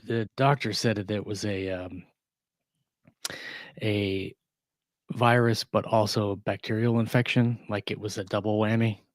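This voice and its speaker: A hoarse man with a gruff, deep voice co-hosting a casual live-stream chat, rambling with plenty of fillers. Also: steady tone, measured pace, pauses often, dry recording. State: hoarse from bronchitis. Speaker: co-host.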